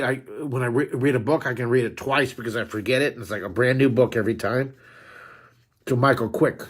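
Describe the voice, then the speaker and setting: Chatty middle-aged male drawing teacher. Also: mid-range voice. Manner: chatty, rambling, with frequent restarts; friendly, talks straight to viewers. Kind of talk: live-stream chat with viewers.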